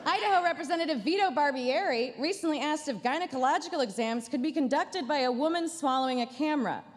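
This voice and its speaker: A woman's voice: sits high, fast talker, long reverb tail. A woman comedian doing a stand-up roast at a banquet dinner, with a dry, sarcastic delivery and playful asides. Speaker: comedian headlining a gala dinner. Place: large banquet hall.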